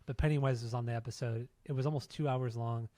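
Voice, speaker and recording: A man's voice: mid-range voice, fairly even intonation, fast talker, warm tone, no echo. Male podcast co-host, mid-range voice, profane and laughing, casual banter. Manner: loose, profane storytelling with frequent laughs. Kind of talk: casual chat.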